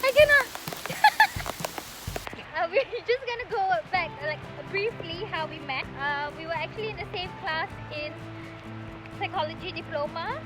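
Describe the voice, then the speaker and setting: Teasing Malaysian woman with a very high voice. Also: expressive, moderate pace, loud music behind the voice, low-quality recording. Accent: Malaysian English. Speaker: vlogger. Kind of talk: casual chat with a friend. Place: outdoors by the sea in rain.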